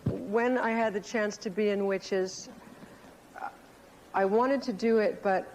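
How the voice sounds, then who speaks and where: A woman telling a halting, affectionate anecdote from a stage at an award tribute. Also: mid-range voice, fairly even intonation, darkish tone, slight background noise, poor audio. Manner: halting, affectionate, nervous storytelling. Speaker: actress giving a tribute.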